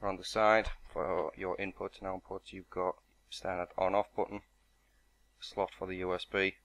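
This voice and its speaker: Man, deep voice, monotone, matter-of-fact product unboxing narration. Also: normal speed, vocal fry. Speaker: product reviewer.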